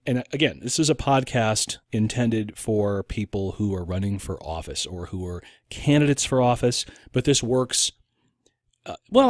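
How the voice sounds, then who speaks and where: A man's voice: on the low side, no room sound, studio quality. A man hosting an opinion podcast, talking in a casual monologue and often stopping to restart his sentences. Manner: animated, with frequent restarts and acted-out quotes. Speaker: podcast host.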